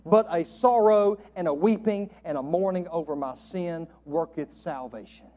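A man preaching a sermon from the pulpit, quoting old scripture and swinging from loud emphatic lines to soft, hushed ones. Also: on the high side, moderate pace. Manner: quotes King James scripture. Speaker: pastor.

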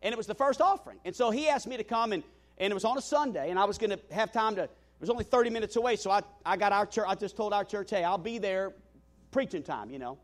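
A male pastor with a high voice preaching to his congregation. He tells stories with animated energy and pokes fun at himself. Many restarts, with "you know" scattered through. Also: very fast. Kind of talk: sermon storytelling.

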